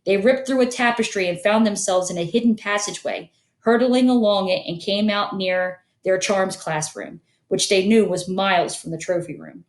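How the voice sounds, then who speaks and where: A woman narrating an audiobook in steady storytelling. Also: medium pitch, moderate pace, roomy sound. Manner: steady storytelling, many character voices. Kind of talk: scripted narration.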